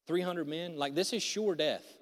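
Animated preacher in an echoing hall. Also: male voice, fairly high pitch, moderate pace. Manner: animated storytelling, casual slang, acts out voices. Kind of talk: sermon. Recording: long reverb of a large hall.

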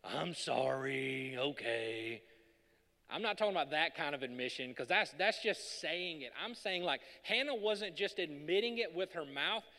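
A man's voice: a little high, bright, forceful tone. A male pastor preaching a sermon from a podium in a church hall, talking conversationally with jokes and building to emphatic peaks. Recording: long reverb of a large hall.

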